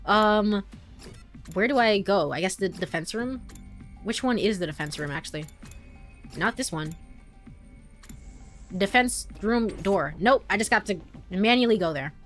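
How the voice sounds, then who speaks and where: A woman's voice: medium pitch, animated, measured pace, long pauses, soft background music. A young woman streamer giving playful, giggly game commentary and swearing casually. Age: young adult.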